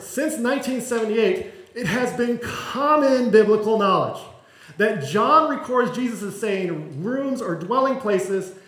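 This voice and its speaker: A pastor with a high, fairly bright voice preaches a sermon in a chatty, conversational way, joking and poking fun at himself as he goes. The audio is echoey, as though recorded in a church sanctuary.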